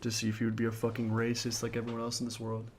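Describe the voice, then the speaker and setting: A man's voice: medium pitch, monotone, very fast, a little hiss or hum. A young man as a guest in a casual chat, laid-back and swearing often.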